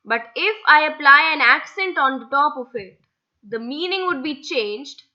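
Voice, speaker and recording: Young woman tutor, high bright voice, slow and patient, kinda muffled lo-fi audio. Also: animated. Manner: patient, spells words out letter by letter. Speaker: Spanish language tutor. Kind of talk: slide-based language lesson.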